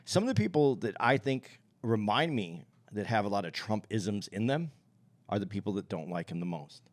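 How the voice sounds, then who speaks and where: A man's voice: fairly low pitch, animated, normal speed. A man co-hosting a podcast in casual chat, opinionated, thinking aloud and circling back to his point. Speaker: podcast co-host.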